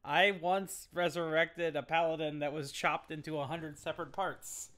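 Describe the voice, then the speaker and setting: A man's voice: a little high, steady tone, normal speed, a bit bright. A man playing a tabletop game, eagerly declaring his character's actions. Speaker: player.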